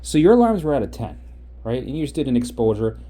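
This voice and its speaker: A man coaching viewers through exposure practice in a casual vlog, acting out an anxious walk and then explaining it in an animated way. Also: mid-range voice, fast talker. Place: out and about, then in a car.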